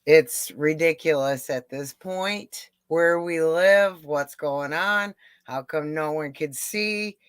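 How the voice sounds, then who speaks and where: Slow, smooth-voiced woman caller. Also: deep voice, no room sound. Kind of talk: casual chat.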